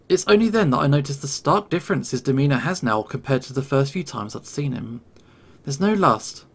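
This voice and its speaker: Gravelly male story narrator. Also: medium pitch, fairly bright tone. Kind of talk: first-person story narration.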